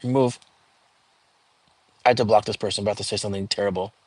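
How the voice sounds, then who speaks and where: A man hosting a casual livestream from home, chatting loosely with viewers, greeting them by name and filling pauses with "um" and "like". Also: lowish voice, fairly even intonation, breathy edge, no room sound. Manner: chatty, frequent fillers, reads out viewer comments. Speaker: livestream host.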